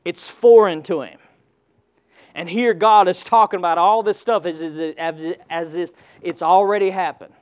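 A man's voice: high-pitched, normal speed, clear, resonant tone. A male pastor preaching a sermon, firing rhetorical questions and call-and-response prompts at his congregation.

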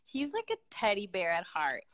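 A young woman chatting casually as a co-host, telling lively family stories and slipping in Spanish words. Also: medium pitch, normal speed, no room sound. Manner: animated storyteller, mixing in Spanish words. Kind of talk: casual chat.

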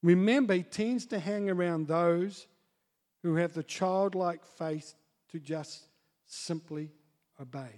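High-voiced man preaching in an echoing hall. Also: slow. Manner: swings from soft asides to loud excited storytelling. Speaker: pastor. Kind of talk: sermon. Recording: long hall reverb.

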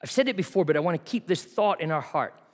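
A man preaching a sermon in a church, telling stories with a varied delivery that drops to quiet asides. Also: a little high, lively intonation, quick pace, big-room sound.

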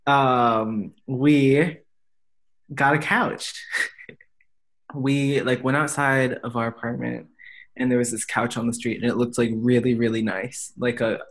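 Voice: medium pitch, fairly even intonation, takes it slowly. A young adult podcast co-host chatting casually and telling rambling stories in an easygoing way. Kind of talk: casual chat and storytelling.

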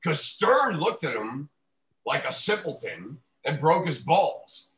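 A man's voice: fairly high pitch, sing-song, takes it slowly, fairly bright tone. A man ranting profanely in a casual podcast chat. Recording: roomy echo.

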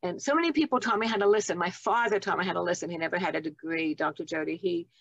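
Quick-paced and lowish in pitch, a nurse and author in her seventies tells heartfelt stories from her nursing years as a guest on an interview show. The audio is dry and dull.

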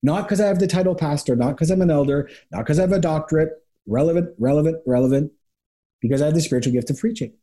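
A pastor talking as an interview guest, telling stories and acting out quick little voices of other people. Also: male voice, fairly high pitch. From Canada. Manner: animated storyteller, acts out quick voices of people. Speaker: pastor and author, podcast guest. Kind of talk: conversational interview.

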